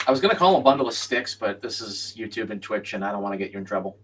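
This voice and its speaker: A man's voice: fairly low pitch, animated, very fast, a bit bright, distant mic, slight background noise, poor audio. A young man chatting casually and bluntly while streaming a co-op game, swearing freely. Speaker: co-op gaming streamer. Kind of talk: casual chat while gaming.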